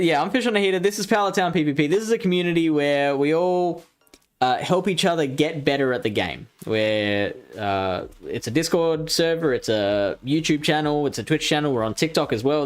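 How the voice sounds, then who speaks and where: A fairly high, clean-toned voice at normal speed belongs to an Australian streamer and show host. During his live game stream he reads chat, talks casually with viewers, thinks out loud as he plays, and laughs at himself.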